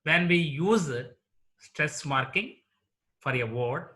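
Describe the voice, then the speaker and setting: Indian English lecturer, male, slightly high and bright voice, very slow and deliberate delivery. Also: lively intonation. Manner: deliberate, repeats example words slowly. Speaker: college English teacher.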